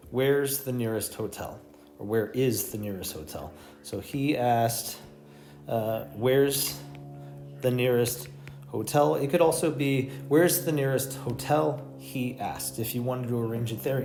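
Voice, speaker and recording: An American man walks through English sentence-ordering exercises in an online lesson, explaining in an upbeat way and stopping now and then to correct himself. His voice sits at an ordinary middle pitch. The recording has a noticeably echoey room around it. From United States. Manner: explanatory, lively, self-correcting. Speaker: English teacher.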